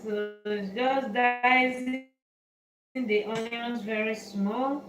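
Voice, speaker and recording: Slow-talking woman hosting a live cooking demo. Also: a little high, fairly even intonation, echoey room, very noisy. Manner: chatty, narrates each step to viewers. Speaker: cooking show host. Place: kitchen.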